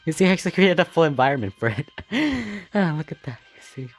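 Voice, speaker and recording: A man giving casual reaction commentary on his own old animation, excitable and rambling, often laughing and gasping between thoughts. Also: fairly high pitch, quick pace, husky. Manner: excitable and rambling, with many fillers, laughs and gasps.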